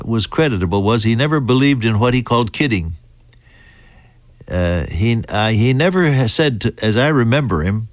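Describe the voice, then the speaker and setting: An American man preaching a Bible teaching in a deliberate, halting way, with fillers and restarts. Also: medium pitch, dry recording. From United States.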